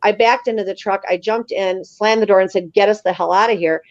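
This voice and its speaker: A woman's voice: mid-range voice, brisk, no room sound. Emphatic woman storyteller on dull dry audio. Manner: animated, emphatic, acts out quoted voices. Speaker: guest telling her encounter story. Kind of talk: casual spoken storytelling on a live show.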